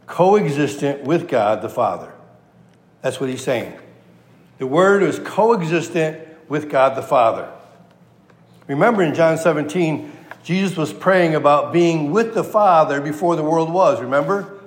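Slow, emphatic preacher in an echoing hall. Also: male voice, a little high. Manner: slow, emphatic, repeats key phrases; asks the audience rhetorical questions. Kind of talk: expository sermon. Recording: roomy hall with long echo.

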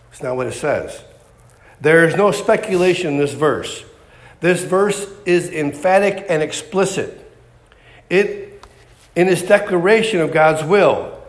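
A man preaching a sermon, emphatic and repetitive, firing off rhetorical questions. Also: sits high.

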